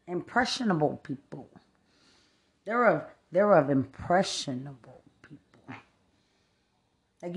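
Low, slow-talking angry woman. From Texas. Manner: angry, cursing, jumping between thoughts. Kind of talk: profane rambling rant to camera.

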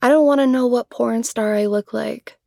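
A fiery young woman coder, proud and quick to swear, speaking slowly with a gravelly, mellow edge on a higher voice, as a woman acts her out. She sounds dry and close, with no room around her. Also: steady tone, no echo, exaggerated voice. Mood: angry, indignant. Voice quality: swears constantly, sharp-tongued. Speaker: computer science student. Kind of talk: adult audio role-play.

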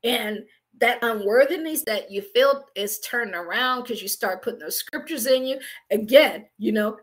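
A woman giving an energetic, casual motivational faith talk as a coach, preaching with slang. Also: a little high, a little slow.

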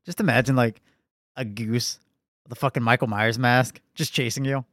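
A man's voice: medium pitch, steady tone, normal speed, fairly bright tone, no room sound, studio quality. Profane, rambling young man podcaster. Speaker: podcast co-host. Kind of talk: casual chat.

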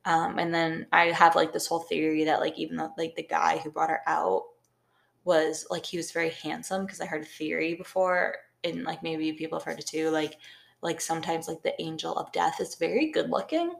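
Low creaky-voiced woman telling a story. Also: fairly quick. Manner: rambling storytelling, heavy use of "like". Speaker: podcast co-host. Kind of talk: casual chat.

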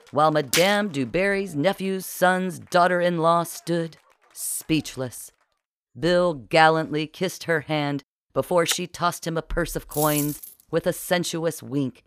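An audiobook narrator reading a comic historical story with a wry, even delivery. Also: mid-range voice, unhurried, slight background noise. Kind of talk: scripted narration.

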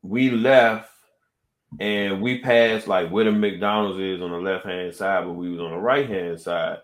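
Man, podcast co-host, animated storyteller, echoey room. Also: deep voice, unhurried. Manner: animated storyteller, acts out quoted exchanges. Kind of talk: casual storytelling chat. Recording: roomy echo.

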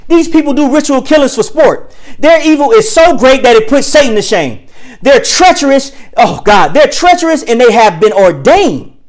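A preacher talking to listeners in a casual, colloquial way, firing off rhetorical questions and slowing down to read scripture with emphasis. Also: high-pitched, animated. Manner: reads scripture slowly and emphatically; casual colloquial speech with many fillers. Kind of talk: preaching to an audience.

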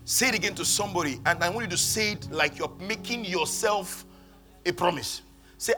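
A man's voice: high voice, moderate pace, music in the background. A man preaching a sermon in church, leading the congregation in call-and-response. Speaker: pastor.

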